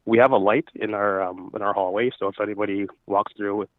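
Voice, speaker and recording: A nervous caller, a man in his thirties from Florida, tells his ghost story haltingly, with many fillers. His voice sits fairly low and comes through a thin, tinny phone line. The sound is dry and close. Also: steady tone, no room sound.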